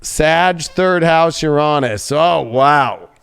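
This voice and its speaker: Excitable, profane man with a high voice. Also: slow, gravelly, clear, resonant tone. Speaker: tarot reader host. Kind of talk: casual tarot reading.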